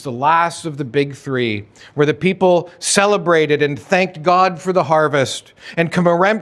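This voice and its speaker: A man preaching a sermon as pastor of a church, conversational and emphatic, with sudden rises and drops in energy. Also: medium pitch. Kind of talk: expository sermon. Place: church sanctuary.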